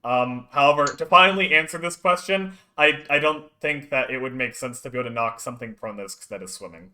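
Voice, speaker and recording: A man acting as dungeon master, explaining rules with many pauses and ums. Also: mid-range voice, pushed and bright. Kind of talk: running a tabletop game over a stream.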